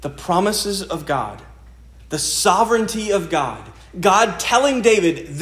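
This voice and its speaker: A man's voice: sits high, very animated, measured pace. Earnest preaching man, echoey room. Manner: earnest, conversational preaching with repeated phrases. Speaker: pastor. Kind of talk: sermon.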